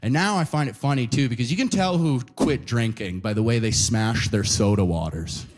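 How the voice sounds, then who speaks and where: A man from Canada doing a live stand-up routine, telling animated stories and tagging them with "right?" and "you know?". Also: medium pitch, normal speed, big-room sound. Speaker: stand-up comedian. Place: live comedy venue.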